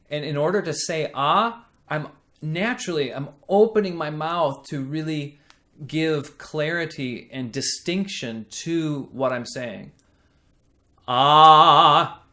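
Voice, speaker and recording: A man teaching a singing lesson, explaining slowly and checking in with the listener as he goes. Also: fairly high pitch, fairly bright tone. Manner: slow, explanatory teaching with frequent "right?" checks. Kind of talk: singing lesson with sung demonstrations.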